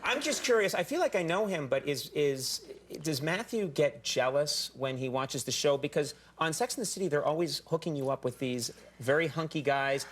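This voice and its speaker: A man hosting a late-night talk show, joking and teasing his guest with deadpan asides. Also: on the high side, moderate pace, few pauses, slight background noise. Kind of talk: comic late-night interview. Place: television studio with live audience. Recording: broadcast TV audio with audience. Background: studio audience laughter.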